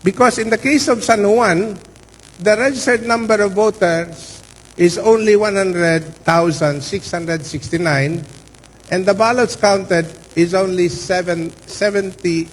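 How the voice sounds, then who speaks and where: A man giving a formal statement as a party representative at an election canvass hearing, deliberate and stressing key words. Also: high voice, big-room sound, rough recording.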